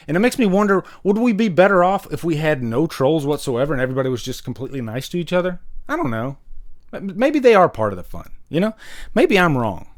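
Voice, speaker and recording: A man hosting a casual livestream, greeting viewers in the chat by name and rambling between topics. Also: fairly high pitch. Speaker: livestream host. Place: home room with vinyl records.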